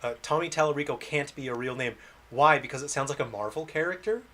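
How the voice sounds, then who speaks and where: A man's voice: fairly high pitch, fast, sharp tone. A man, an indie game developer, chatting casually on a livestream, rambling and self-deprecating and often laughing.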